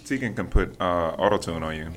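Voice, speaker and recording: A man's voice: low-pitched, expressive, a little fast, a crowd in the background. A man co-hosting a radio show, chiming in with brief, laid-back remarks. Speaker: radio co-host. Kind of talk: casual chat.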